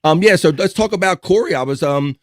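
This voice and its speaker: A man's voice: high-pitched, a little fast, no echo. Podcast host guy, chill and easygoing, dry close sound. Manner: laid-back, easygoing, laughs along. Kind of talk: casual podcast chat.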